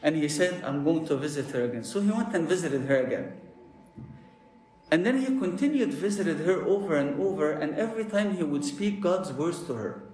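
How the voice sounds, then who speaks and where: Man, priest, sermon, lively storytelling, higher voice, echoey church. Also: normal speed. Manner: animated storytelling with frequent "okay?" check-ins. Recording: echoey room.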